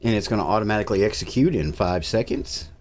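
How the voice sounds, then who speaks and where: Laid-back low-voiced man. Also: fast, a little mellow. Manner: easygoing, rambling, with filler uhs. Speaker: tech channel host. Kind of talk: casual screen-recorded tutorial narration.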